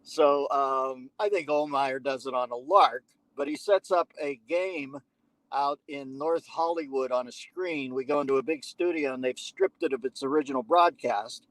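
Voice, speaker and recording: Conversational storytelling from a man with a medium-pitched voice and moderate pace, appearing as a podcast guest. He recounts a long anecdote, acting out others' dialogue with animation and adding profane, smart-aleck asides. The recording is low quality, without echo.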